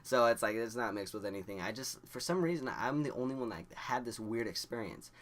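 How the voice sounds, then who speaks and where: A young man casually telling a story to camera, rambling and excitable, with lots of "like" and frequent chuckles. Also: mid-range voice, fairly quick. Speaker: vlogger.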